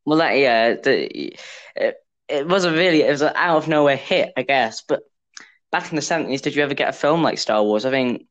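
A man's voice: medium pitch, lively intonation, brisk, fairly bright tone, highs cut off. A young man hosting a casual film podcast, talking in a chatty, enthusiastic, rambling way. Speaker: podcast host.

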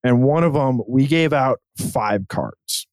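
A man's voice: medium pitch, lively intonation, slow pace, a little mellow, no echo. Man co-host, explains at length in a chatty way, dry close recording. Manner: explanatory, chatty, filler-heavy. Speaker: podcast co-host. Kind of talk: casual sports podcast chat.

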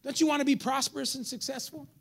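Fiery, high-pitched preacher with a gravelly edge. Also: male voice, fast talker. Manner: animated preaching, rising to loud calls then dropping to near whispers; casual street slang. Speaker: pastor. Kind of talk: sermon.

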